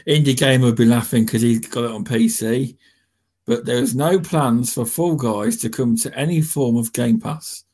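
A man's voice: medium pitch, moderate pace, darkish tone. A man in a casual gaming chat, passing on gaming news in a chatty way. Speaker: podcast co-host.

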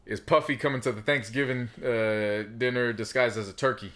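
A man's voice: medium pitch, steady tone, fairly quick, a bit bright. A man co-hosting a podcast in casual chat, laid-back and making dry, teasing jokes. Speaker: podcast co-host.

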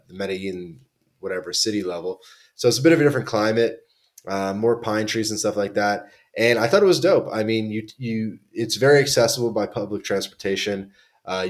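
A young man from Canada, a podcast guest telling travel stories in a laid-back, slangy way with many restarts. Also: on the low side. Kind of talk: casual chat.

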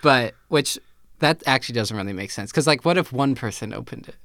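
A man's voice: medium pitch, lively intonation, a little fast, vocal fry, a bit bright, no room sound, clean studio sound. A man co-hosting a podcast, casually chatting and thinking aloud with fillers and restarts. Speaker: podcast co-host. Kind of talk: casual chat.

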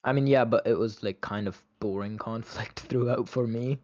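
A man's voice: mid-range voice, moderate pace, darkish tone, highs cut off. A man in a casual movie review chat, opinionated and chatty, with a lot of "like" between his words. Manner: opinionated, chatty, many "like" fillers.

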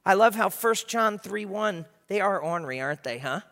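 A male pastor preaching a sermon, passionate and swinging from quiet to loud. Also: sits high, expressive, normal speed, in a large hall. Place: church sanctuary.

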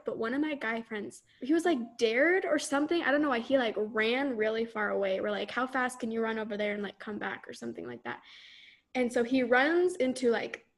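Young woman, from las vegas, animated storyteller, fairly high voice, casual chat. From Las Vegas, United States. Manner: animated, laughs often, acts out quoted voices.

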